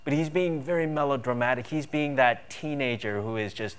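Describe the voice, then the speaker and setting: A man's voice: medium pitch, fairly quick, few pauses, clear, resonant tone. A man preaching a sermon earnestly, with emphatic build-ups on key points. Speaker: pastor.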